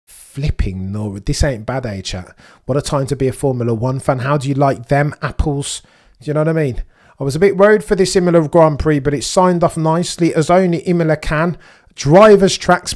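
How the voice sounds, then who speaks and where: A young man hosting a live race watchalong, chatting excitedly to his viewers and firing off rhetorical questions. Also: on the high side. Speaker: livestream watchalong host.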